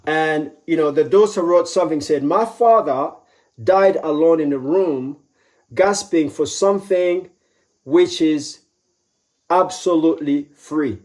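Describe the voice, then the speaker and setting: A man's voice: unhurried, a little mellow. Emphatic motivational speaker, man. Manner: emphatic, repeats key phrases; acts out quoted voices with pitch jumps. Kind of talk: live motivational talk.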